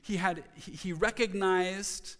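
Male pastor, earnest sermon, many restarts, slightly higher voice, long hall reverb. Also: fairly even intonation, slow, a bit bright. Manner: earnest, restarts often, rising to emphatic.

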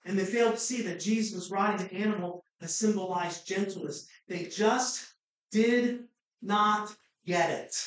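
Echoey woman preaching passionately. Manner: impassioned preaching, rising to shouts and falling to low asides. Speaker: pastor. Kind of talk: sermon. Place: church sanctuary. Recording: very echoey hall, mic far off.

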